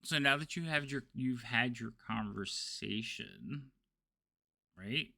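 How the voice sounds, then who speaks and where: A man's voice: mid-range voice, expressive, slow pace, creaky, bright, forceful tone. A man running a tabletop game as game master, explaining rules in a loose, chatty way.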